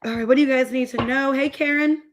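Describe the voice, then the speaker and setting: Young female tarot reader, slightly high voice, loose chatty delivery that greets viewers. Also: steady tone, fast, noisy background. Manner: chatty, rambling, greets viewers mid-reading. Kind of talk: casual tarot reading.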